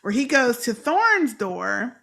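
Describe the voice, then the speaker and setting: A woman's voice: a little high, very animated, slow pace, vocal fry, a bit bright. A woman hosting a casual fan podcast, chatting animatedly and acting out characters' lines. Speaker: podcast host.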